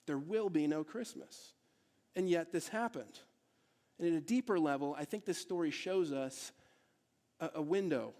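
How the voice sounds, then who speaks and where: A man's voice: on the high side, moderate pace, darkish tone. A male pastor preaching a sermon to his church in a conversational way, asking the congregation rhetorical questions. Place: church service in a theatre hall.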